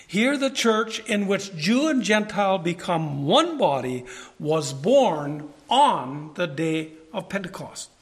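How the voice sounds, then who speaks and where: A man's voice: sits high, big pitch swings, slow. A man giving a Bible teaching sermon who reads scripture passages aloud and then comments on them. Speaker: preacher.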